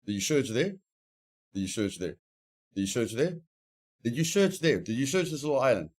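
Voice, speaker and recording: A man's voice: medium pitch, very animated, moderate pace, a little mellow. A man streaming a survival game, talking casually, rambling and joking in a mock-serious way. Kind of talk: casual gameplay chat.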